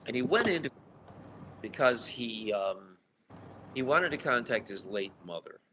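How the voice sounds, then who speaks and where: A man's voice: mid-range voice, big pitch swings, measured pace, sharp tone, slight background noise. A man, an author and paranormal researcher, talking casually in an interview, wry and storytelling, acting out little scenes. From United States. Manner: wry storytelling, acts out party chatter.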